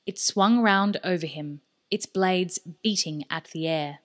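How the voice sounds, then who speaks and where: A woman reading an audiobook in steady, measured narration. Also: fairly low pitch. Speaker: audiobook reader. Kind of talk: scripted narration.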